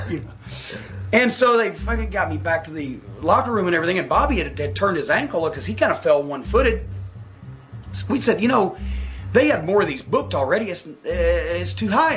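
A man telling a long, profane anecdote in a casual interview, animated and full of asides. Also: sits high, brisk. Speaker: guest telling a story. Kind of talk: casual storytelling.

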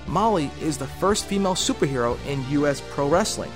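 A man with a slightly high voice reads upbeat, informative narration about wrestling history. Loud backing music plays clearly under his words. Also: animated, brisk. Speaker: documentary narrator. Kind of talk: scripted narration.

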